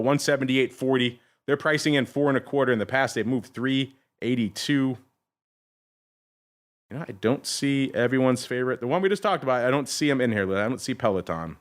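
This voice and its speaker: Upbeat male podcast host, rapid market rundown. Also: mid-range voice, a bit bright. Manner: upbeat, addresses listeners, quick list reading.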